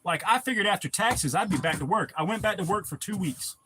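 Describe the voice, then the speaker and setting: A man's voice: high voice, animated, fairly quick, sharp tone, a little hiss or hum. A man chatting casually on a livestream, rambling and profane as he answers viewer comments. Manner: rambling, profane, laid-back. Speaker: livestream host.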